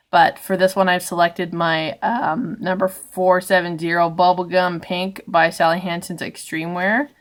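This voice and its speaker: A young woman from Canada hosting a casual nail tutorial vlog while sick and in pain, speaking quietly and rambling with many fillers and apologies. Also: lowish voice. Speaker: host of a nail art channel.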